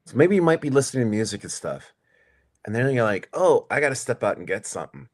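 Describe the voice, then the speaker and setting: A man's voice: mid-range voice, big pitch swings, fast talker. A man in his forties co-hosting a podcast in casual chat, laid-back, laughing often and swearing casually. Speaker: podcast co-host.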